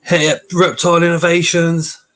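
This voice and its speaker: A chatty man, his voice sitting a little high for a man. He hosts a relaxed live stream from his home kitchen, greeting viewers by name. He is still getting over a cold. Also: moderate pace. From Coventry, England. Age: 40s. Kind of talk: casual live-stream chat.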